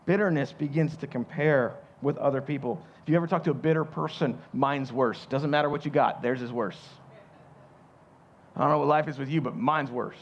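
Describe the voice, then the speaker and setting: A man's voice: mid-range voice, steady tone, a little fast, dull audio, slight background noise. A man with a Southern US accent preaching a sermon in a conversational way, often repeating words as he restarts a thought. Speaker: pastor.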